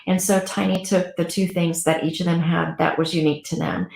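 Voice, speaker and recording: A woman co-hosting a talk show, chatting in an animated, gushing way about crafts for grieving children. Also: on the low side, fairly quick, creaky, reverberant. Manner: warm, animated, gushing storyteller. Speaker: pet loss guide and co-host. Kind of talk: casual talk show chat.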